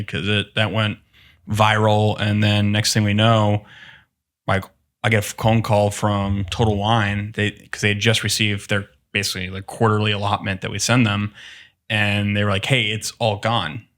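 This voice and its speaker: A man's voice: lowish voice, normal speed. A man, a distillery co-owner, telling a story casually in a podcast interview and acting out the reactions of the people in it. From Texas. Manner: animated, acts out quoted reactions.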